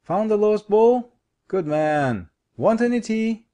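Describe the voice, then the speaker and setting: A woman's voice: medium pitch, expressive, takes it slowly, warm tone. A woman reading an audiobook, voicing a cheerful, breezy young Englishman who is someone's brother. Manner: breezy and jolly.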